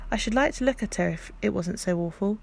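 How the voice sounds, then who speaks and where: A woman reading a storybook voicing a dreamy, imaginative little girl who talks softly and wonderingly. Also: mid-range voice, quick pace, gravelly, slightly rough.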